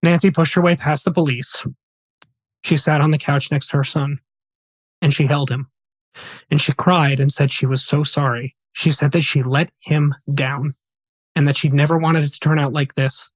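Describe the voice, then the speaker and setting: A man's voice: fairly high pitch, fairly even intonation, moderate pace, dry recording. A man hosting a podcast, retelling a true story in a casual, earnest, conversational way. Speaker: podcast host.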